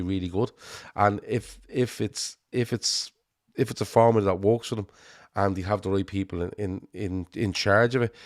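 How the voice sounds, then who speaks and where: Chatty Liverpool man, low voice. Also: a little mellow, dry recording, studio quality. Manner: chatty, rambling, swears casually. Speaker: show host. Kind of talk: casual football podcast chat.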